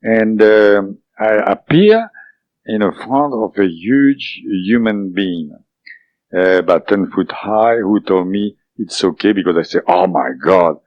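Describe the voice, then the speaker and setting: A man's voice: unhurried, dry recording. French-accented man telling a strange tale. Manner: hesitant, with many fillers and restarts. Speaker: interviewee. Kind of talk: recounting a personal experience. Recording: dull, dry low-fidelity audio.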